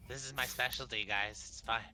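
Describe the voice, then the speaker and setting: A man playing a tabletop game, casual and quick to swear. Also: medium pitch, fairly even intonation, bright, forceful tone. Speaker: player. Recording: faint music behind.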